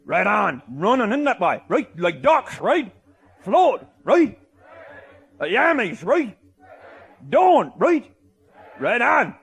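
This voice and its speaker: A man with a Newfoundland accent telling a comic tall tale, boisterous, often shouting and laughing mid-sentence. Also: high voice, very animated, slow pace, gravelly, long pauses, breathy edge. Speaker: comic storyteller.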